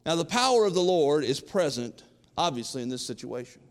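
A man's voice: fairly high pitch, big pitch swings, fairly quick, long reverb tail. A man preaching a sermon, folksy and emphatic, with asides to the congregation. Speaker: pastor.

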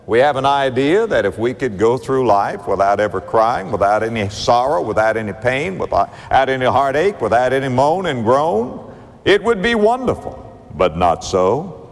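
A man preaching a sermon, emphatic and rhythmic, slowing down dramatically on key phrases. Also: medium pitch, big pitch swings. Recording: long reverb of a large hall.

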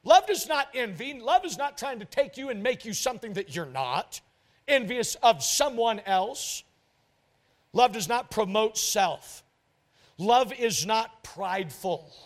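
A man's voice: high voice, expressive, measured pace. A man preaching a sermon as a pastor, emphatic and repetitive, often acting out quoted voices. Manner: emphatic preaching, repeats phrases, mimics couples in quotes.

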